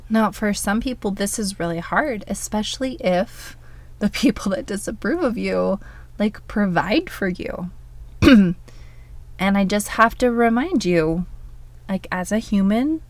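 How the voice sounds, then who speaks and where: A woman hosting a coaching podcast, talking casually with many "like"s and walking through calming self-talk. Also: mid-range voice. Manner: casual, says "like" often, self-soothing affirmations. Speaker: podcast host and life coach.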